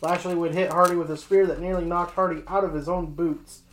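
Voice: medium pitch, fairly even intonation, fairly quick, roomy sound, low-quality recording. A podcast host reading match recaps from a script and then asking a co-host for his thoughts.

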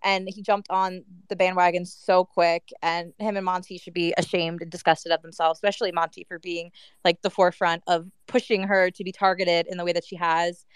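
A woman's voice: fairly low pitch, flat delivery, a little fast, clean tone, no echo. A woman in a casual audio chat room, talking heatedly and filling her speech with "like" and "um". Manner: heated, with frequent "like" and "um" fillers. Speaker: guest speaker.

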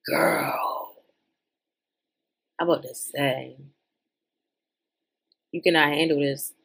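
A woman hosting a podcast, giving sassy, profane, animated reaction commentary in as she scrolls social media. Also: low voice, a little slow, vocal fry.

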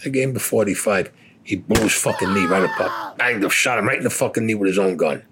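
An older man in his seventies, a war veteran bluntly recounting his experiences in rough, heavily profane storytelling. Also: on the low side, fast talker, fairly bright tone, slight background noise.

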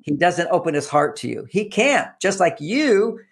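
A fairly high-pitched man with a gravelly edge gives relationship advice as an interview guest. He talks animatedly, repeats his words for emphasis and slips into acting out little exchanges. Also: very animated, moderate pace. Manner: repeats words, acts out quoted lines.

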